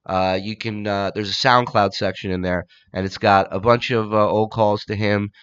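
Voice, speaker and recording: A male stand-up comedian, a podcast guest, telling an animated, profane anecdote. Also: on the low side, moderate pace, smooth, dull audio. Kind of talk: casual storytelling.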